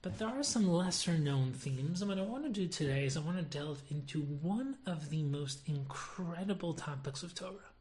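A woman with a deep voice gives a religious lesson, opening with stories. She tells them in an animated way and chuckles at her own jokes. Her talk moves between lively and soft and thoughtful. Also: normal speed, few pauses. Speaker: Torah teacher. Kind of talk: storytelling lesson.

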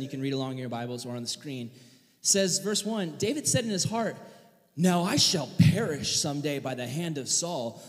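Animated young male preacher in a reverberant hall. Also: on the high side. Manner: animated storyteller, acts out voices, yells in bursts. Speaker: pastor. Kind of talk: sermon with personal story. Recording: long reverb of a large hall.

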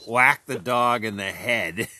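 A man from New Hampshire in a loose podcast chat, with a bright, forceful edge to his voice. He tells jokey stories and acts out the lines he quotes. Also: mid-range voice, slow. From Laconia, New Hampshire. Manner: joking storyteller, acts out quotes. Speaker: podcast co-host. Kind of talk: casual chat.

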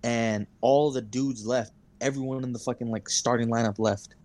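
A man's voice: mid-range voice, fairly even intonation, moderate pace, darkish tone. Young male podcast co-host, casual storyteller, heavy cursing. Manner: rambling storyteller, heavy swearing and fillers. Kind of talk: casual chat.

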